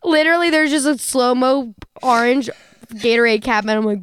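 High, clear-voiced young woman chatting. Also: moderate pace, no room sound. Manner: laughing, animated storytelling with swearing. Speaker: podcast co-host. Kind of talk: casual chat.

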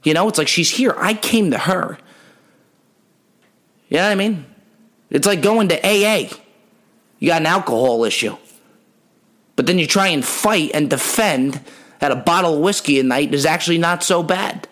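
A man's voice: fairly high pitch, lively intonation, normal speed, long pauses, a bit bright. A young adult man hosting a comedy podcast, telling rambling, profane stories in a brash, joking way. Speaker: podcast host.

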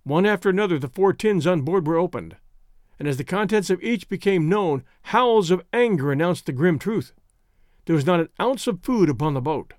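A man reads an adventure novel aloud in a steady, measured storytelling voice. His pitch is high for a man. The recording is dry and close, with no room sound. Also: no room sound. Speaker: narrator. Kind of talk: audiobook narration.

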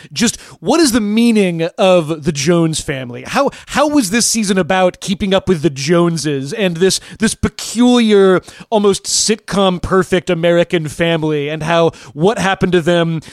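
A man's voice: sits high, dry recording, clean studio sound. A man co-hosting a podcast, talking in an enthusiastic, rambling way with repeated words. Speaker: podcast co-host. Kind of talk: casual chat.

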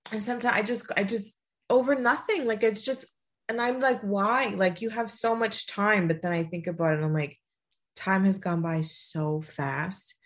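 Young woman, casual chat, mid pitch, animated, laughs often through tears. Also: normal speed.

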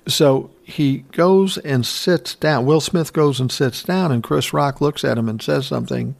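A man casually retelling an event in unhurried, profane commentary, chuckling now and then. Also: mid-range voice, gravelly.

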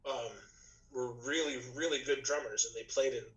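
A man's voice: mid-range voice, fairly even intonation, moderate pace, fairly bright tone, low-quality recording. Rambling man telling a story. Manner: rambling, many restarts and "you know". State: slightly rough voice, clearing throat. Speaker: podcast guest, musician. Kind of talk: casual storytelling chat.

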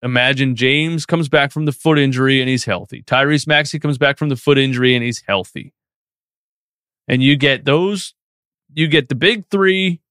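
A man's voice: mid-range voice, normal speed, fairly bright tone, smooth, no echo, studio quality. A man hosting a live post-game sports stream, reading chat questions and ranting with feeling. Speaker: sports podcast host.

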